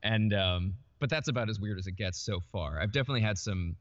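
A man with a slightly low voice talks as a guest on a podcast, rambling loosely and leaning on "like" between thoughts. He sounds relaxed and conversational. The recording is dull and lo-fi, with its top end rolled off. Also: fast talker. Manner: rambling, leans on "like" a lot. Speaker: voice actor guest. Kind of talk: casual podcast chat.

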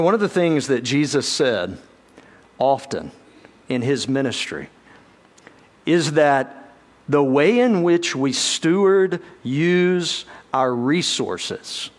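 High-voiced pastor preaching emphatically. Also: male voice, very animated. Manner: emphatic, slows and drops low on key words; addresses congregation directly with light humor. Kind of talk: sermon.

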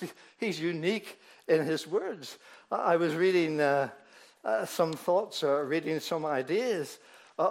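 A man preaching a sermon, emphatic, moving between loud declarations and low, quiet asides, often repeating words as he goes.

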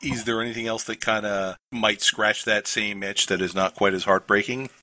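A man's voice: fairly low pitch, fairly even intonation, moderate pace, pushed and bright, no echo. A man on a podcast, chatting casually with wry, teasing remarks. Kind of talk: casual chat.

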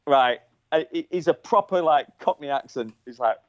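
A man hosting a casual chat who tells lively anecdotes and swears freely. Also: on the high side, normal speed, dull audio. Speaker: podcast host, former racer.

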